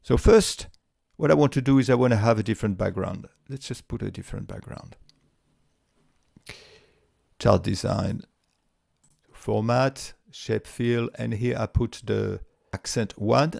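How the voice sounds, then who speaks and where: Gravelly man explaining a spreadsheet tutorial. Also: fairly low pitch, measured pace, dry recording, clean studio sound. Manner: relaxed step-by-step explaining with fillers and restarts. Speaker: tutorial presenter. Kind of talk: screen-recorded software tutorial.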